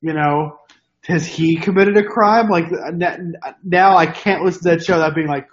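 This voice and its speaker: A man's voice: on the high side, normal speed, highs cut off. A man from New York with no regional accent, co-hosting a podcast in casual, rambling chat full of tangents. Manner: rambling, self-interrupting, wanders into tangents. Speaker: podcast co-host.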